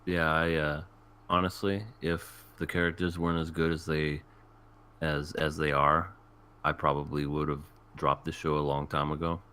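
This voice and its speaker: Deep-voiced man chatting about anime. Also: normal speed, smooth. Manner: animated retelling with put-on character voices. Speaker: podcast host. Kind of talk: casual anime review chat.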